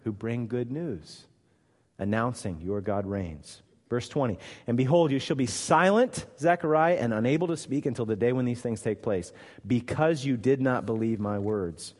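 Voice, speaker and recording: Guy preaching a sermon, gets big and loud acting out the scripture bits, long echo tail like a church hall. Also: on the low side. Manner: animated, acts out scripture dialogue with sudden loud emphasis. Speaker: pastor.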